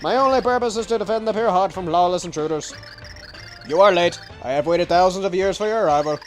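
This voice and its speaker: A man's voice: sits high, quick pace, natural voice, rough recording. A man voicing a stern, formal robotic dragon guardian in a video game, announcing like a computer. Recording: game music behind.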